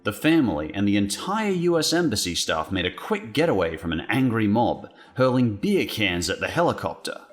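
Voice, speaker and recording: A man's voice: fairly low pitch, very animated, normal speed, hardly any pauses, faint music behind. An Australian man narrating a scripted video with wry, playful asides. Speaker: guest commentator.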